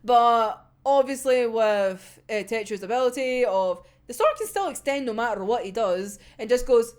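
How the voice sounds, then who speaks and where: Woman, Scottish accent, a bit high-pitched, animated, swears a lot, laughs often, casual recap. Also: moderate pace. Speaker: anime reviewer. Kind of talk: casual episode discussion.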